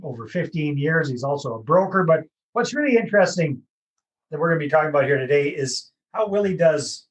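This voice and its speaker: A man's voice: fairly high pitch, animated, a little fast, lo-fi sound. A man hosting a podcast from Canada, running a casual, jokey interview in an upbeat, chatty way. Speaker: podcast host.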